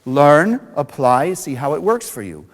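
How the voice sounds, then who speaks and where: A man's voice: on the high side, very animated, measured pace, long reverb tail, low-quality recording. A man teaching a spiritual lesson to a class, asking questions and answering them himself. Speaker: Kabbalah teacher.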